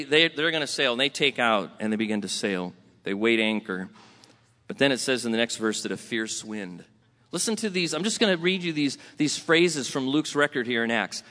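A man from Southern California preaching a sermon in a conversational, animated way, questioning the congregation. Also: mid-range voice, normal speed. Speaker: pastor. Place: church sanctuary. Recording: long hall reverb.

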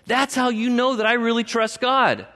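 A man's voice: very high voice, fairly even intonation, normal speed, pushed and bright. A male pastor preaching a sermon in an emphatic style, with rhetorical questions and storytelling. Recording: long hall reverb.

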